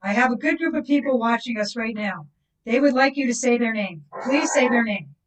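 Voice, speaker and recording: A woman hosting a live ghost-hunting session, asking spirits slow, soft questions and chatting with her viewers. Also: a little high, animated. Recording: voice distant from the mic.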